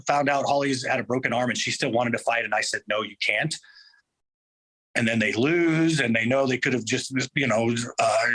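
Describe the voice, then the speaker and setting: Guest: man, coach, bright tone, relaxed and thoughtful, lots of pauses. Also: mid-range voice. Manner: relaxed, thoughtful, with frequent fillers and restarts. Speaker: MMA coach, interview guest. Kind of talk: casual interview talk.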